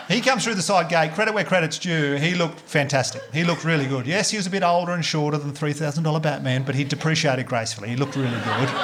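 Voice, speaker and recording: An Australian man doing stand-up comedy, telling a story with animated delivery, swearing and acting out the other characters. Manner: animated, swearing, acts out voices with big pitch jumps. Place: comedy club stage before a laughing audience. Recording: comedy club with audience noise.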